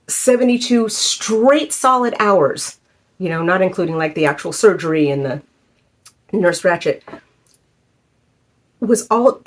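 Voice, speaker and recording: A woman in her fifties telling a personal story in a halting, emotional way, with many fillers. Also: mid-range voice. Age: 50s. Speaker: vlogger.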